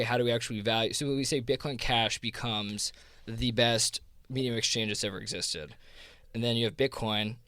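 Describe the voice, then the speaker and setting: Guesting on a podcast interview, a South Jersey man who co-founded a crypto fund rambles casually through his ideas, restarting often and saying "like" constantly. His medium-pitched voice is a bit bright, captured in studio quality without echo.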